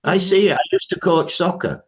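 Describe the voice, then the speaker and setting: A man's voice: sits high, expressive, brisk, a bit bright. A man speaking as a health coach guest in a podcast interview, emphatic, listing things off, with frequent "uh" fillers.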